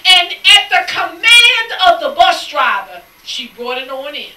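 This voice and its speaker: A woman preaching a sermon, telling a lively story and acting out the people in it, sometimes shouting and laughing. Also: very high voice, unhurried. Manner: animated storytelling, acts out quoted people; shouts and laughs between lines. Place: church sanctuary. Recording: echoey church sound from a distant mic.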